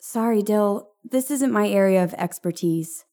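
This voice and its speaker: A man's voice: sits high, unhurried, dark tone, voice pushed up. A man reading a story and voicing a sarcastic young woman who is a witch, teasing her friend. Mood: wry. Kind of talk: audiobook narration.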